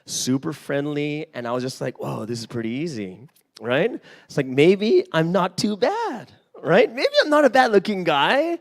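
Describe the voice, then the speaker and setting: A man in his forties giving a sermon in a church, telling a personal story with lively acted-out dialogue and frequent "right?". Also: high voice, measured pace, hardly any pauses. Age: 40s. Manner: animated storytelling, acts out dialogue, often asks "right?". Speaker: pastor.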